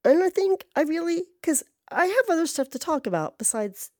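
Woman, casual storyteller, profane, rambling asides, mellow voice, dry close sound. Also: very high-pitched, big pitch swings, moderate pace, no echo. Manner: chatty, profane, many fillers and asides. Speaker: podcast storyteller.

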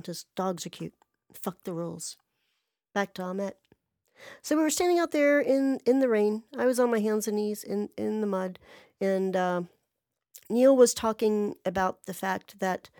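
A woman's voice: fairly high pitch, warm tone, no room sound, studio quality. A woman telling a story in a casual, rambling way, blunt and full of swearing and asides. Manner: blunt and profane. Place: near an apartment parking lot.

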